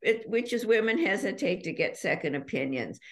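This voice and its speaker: A woman author talking candidly as a podcast guest, self-deprecating and quick to laugh. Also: medium pitch, big pitch swings, creaky. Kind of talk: casual podcast interview.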